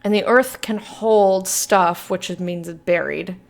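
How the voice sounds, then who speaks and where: A young woman playing a game and commenting casually, excitable and playful, swearing now and then. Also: lowish voice, slow, gravelly. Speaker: let's play streamer.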